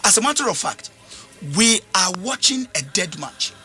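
Animated high-voiced Ghanaian preacher. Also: male voice, moderate pace, faint music behind. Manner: switches between English and Twi, lively call-and-response preaching. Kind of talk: sermon.

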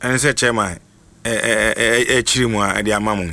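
A man's voice: on the low side, fairly even intonation, bright, forceful tone. A man presenting radio news informally, often stuttering and restarting his words, with music playing underneath. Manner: halting, frequent stutters and restarts.

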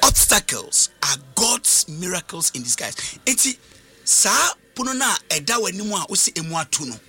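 A man's voice: high voice, sing-song, normal speed, pushed and bright, breathy edge, faint music behind. A man preaching a sermon, emphatic, repeating his key phrases.

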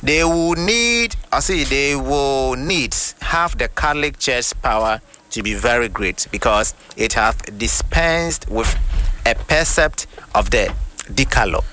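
A man with a Ghanaian accent preaching, reading quoted passages slowly and deliberately before explaining them. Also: medium pitch, lively intonation, bright, forceful tone, a little hiss or hum. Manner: reads quotations slowly and deliberately, then explains. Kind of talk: sermon teaching with quoted readings.

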